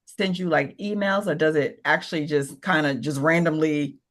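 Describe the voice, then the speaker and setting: Woman, low voice, meeting participant on a video call, hesitant. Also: fairly even intonation, normal speed. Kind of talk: casual question on a video call.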